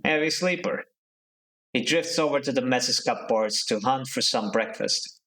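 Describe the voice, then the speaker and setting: A man streaming a story game, reading the narration aloud and adding relaxed, joking asides. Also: mid-range voice, normal speed, low-quality recording.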